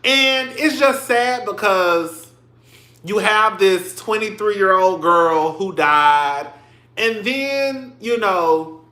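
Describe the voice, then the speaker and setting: A man's voice: sits high, lively intonation, extremely slow, pushed and bright, roomy sound. A man in his thirties hosting casual livestream commentary, chatty and emotional, calling his listeners "girl" and "y'all". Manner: emotional, tearing up on stream.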